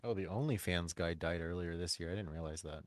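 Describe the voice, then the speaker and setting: Deep-voiced man, dry and distant. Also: fairly quick, no room sound. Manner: quiet, offhand asides away from the mic. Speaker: podcast co-host. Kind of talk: casual livestream chat.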